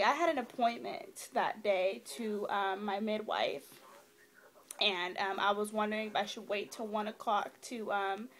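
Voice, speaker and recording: A young woman telling a rambling personal story to her camera, with many fillers, while feeding her baby. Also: a little high. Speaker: new mother vlogger.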